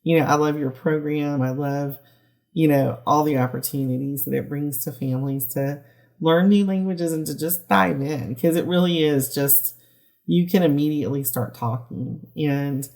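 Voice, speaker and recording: Low-voiced woman hosting an interview. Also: normal speed. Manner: warm, encouraging listener who laughs along. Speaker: podcast host. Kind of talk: casual interview.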